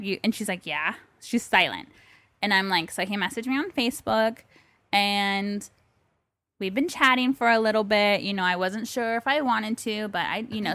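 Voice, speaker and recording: A woman co-hosts a podcast from her bedroom, chatting casually and animatedly telling a story in which she plays both sides of a phone call. Her voice is mid-range and fairly bright, with no echo.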